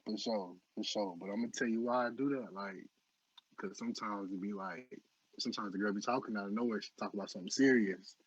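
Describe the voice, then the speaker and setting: A man's voice: fairly low pitch, fast, slightly rough, no echo. A man hosting an informal interview. He talks in a loose, joking way and laughs easily. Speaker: interview host. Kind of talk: casual interview chat. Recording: dull lo-fi dry sound.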